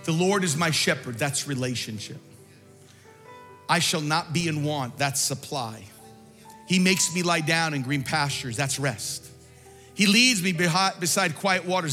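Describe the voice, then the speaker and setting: A man preaching a sermon as pastor in a large church hall, impassioned and repetitive, rising to shouts at the peaks. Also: fairly high pitch. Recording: long reverb in a large hall, faint music.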